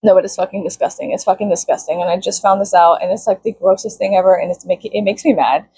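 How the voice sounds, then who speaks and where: Husky-voiced woman venting profanely. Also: fairly even intonation, fast talker, hardly any pauses, dark tone, no room sound, low-quality recording. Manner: profane, sarcastic, swings into high mocking tones. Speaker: vlogger. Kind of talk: casual venting rant to camera.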